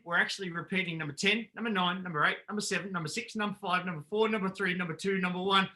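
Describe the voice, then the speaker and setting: A man running a physical education workshop on a video call, leading a sung call-and-response warm-up and chanting rhythmic action words. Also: high-pitched. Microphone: video call computer mic.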